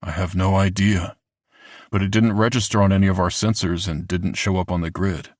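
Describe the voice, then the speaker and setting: A calm, plain-spoken man answers simply, in a very deep voice. A man reads him in an audiobook. The sound is close and dry. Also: moderate pace, no echo. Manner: simple, matter-of-fact.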